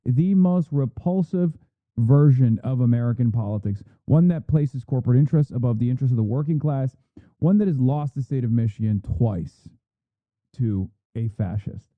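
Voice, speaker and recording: A man's voice: mid-range voice, no room sound. A man streaming live, commenting bluntly in a heated, profane way. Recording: phone-like thin audio, dry.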